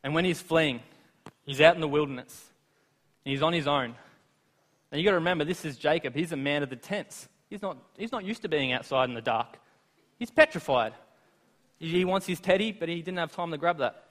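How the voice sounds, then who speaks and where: A man's voice: on the high side, brisk. Man preaching in a big echoing hall. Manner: lively retelling of scripture with asides to the listeners. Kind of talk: sermon. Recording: long reverb of a large hall.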